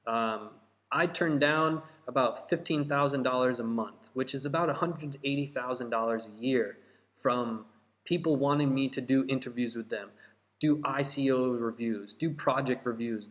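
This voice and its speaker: A fired-up man speaks straight to camera as the host of his own crypto channel. He hammers his points home and repeats them for emphasis, and his voice sits at an ordinary middle pitch. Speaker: crypto YouTube host and course seller. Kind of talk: direct-to-camera vlog talk.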